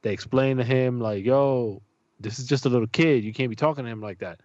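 A man's voice: medium pitch, brisk, no echo. A man tells a story in casual chat, swearing freely and jumping into the voices of the people he describes. His voice sits in a middle register. The recording is dry and slightly muffled. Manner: animated, profane, acts out voices in his stories.

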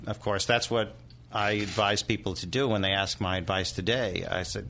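A man's voice: on the low side, fairly even intonation, moderate pace, creaky, pushed and bright, slight background noise. A middle-aged man, a demonologist guest, telling a haunting story in vivid detail and acting out the people in it. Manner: dramatic storyteller, acts out quoted voices. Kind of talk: storytelling interview.

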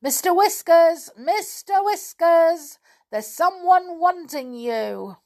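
Storybook rabbit, male, cross and furry-voiced, pitched well up; a woman reads it. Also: very animated, slow, a little mellow, exaggerated voice. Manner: cross, impatient.

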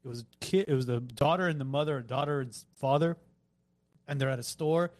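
Man telling stories in animated chat. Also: medium pitch, a little fast, dry recording. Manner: animated storytelling, acts out quoted lines. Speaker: podcast host. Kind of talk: casual chat.

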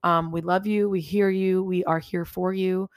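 Podcast host, woman, lower voice, earnest and blunt, swears, dry close sound. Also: fairly even intonation, normal speed, no echo. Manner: earnest, swears freely, repeats for emphasis. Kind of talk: casual heartfelt podcast chat.

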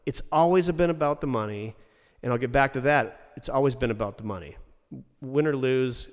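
A man's voice: mid-range voice, normal speed, big-room sound. A man, a former ice rink manager, talking bluntly and with plenty of swearing in a casual podcast chat. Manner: blunt, profane, ranting.

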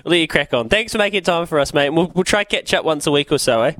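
Guy hosting a podcast, high voice, dry close sound, quick little replies. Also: animated, fairly bright tone, no room sound. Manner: brief encouraging interjections. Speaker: podcast host. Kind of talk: casual chat.

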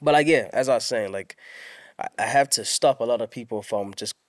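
A man's voice: mid-range voice, fairly quick, no echo, clean studio sound. A young man with a South African accent, talking casually as a guest in an interview and acting out the people he quotes. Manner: animated, acts out quoted people. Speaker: guest rapper.

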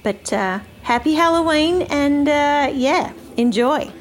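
A woman's voice: sits high, lively intonation, slow pace. A woman in her forties speaks with an Australian accent as she recounts an odd childhood experience in an earnest storytelling manner. A faint hiss of background noise sits under her voice. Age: 40s. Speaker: listener sending in a story. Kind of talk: recorded personal story.

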